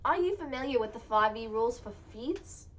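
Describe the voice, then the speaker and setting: Female co-host, higher voice with a lively swing, a bit distant from the mic. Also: fairly quick. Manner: playful, reads questions aloud. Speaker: podcast co-host reading listener questions. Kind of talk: casual chat.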